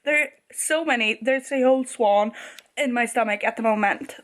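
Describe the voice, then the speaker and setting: A woman book vlogger reacting casually to a novel as she reads, gushing and excitable, often laughing. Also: on the high side, normal speed. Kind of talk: casual reading reactions to camera.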